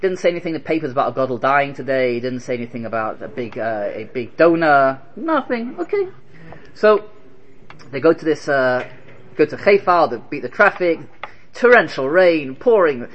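A man giving an animated Torah lecture, firing rhetorical questions and telling stories. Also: mid-range voice, normal speed, lo-fi sound. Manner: animated, rhetorical questions, Hebrew terms woven in. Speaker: Torah teacher.

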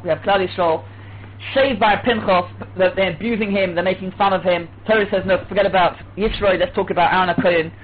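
A man giving an animated Torah class, restarting phrases and acting out what others said. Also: high voice. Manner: animated, acts out voices, restarts often. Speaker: Torah teacher. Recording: tinny phone-like line with faint hiss.

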